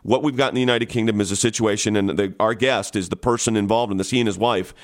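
A man's voice: fairly low pitch, fairly even intonation, fast talker. A man hosting a radio call-in talk show, making urgent, emphatic appeals to his listeners.

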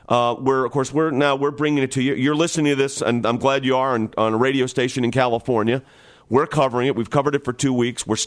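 A man hosting a radio call-in talk show, making urgent, emphatic appeals to his listeners. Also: mid-range voice.

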